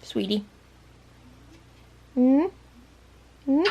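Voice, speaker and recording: A woman's voice: high-pitched, very slow, creaky, mellow, dull audio, slight background noise. A woman vlogger chatting playfully to her pet parrot in teasing baby-talk, laughing often.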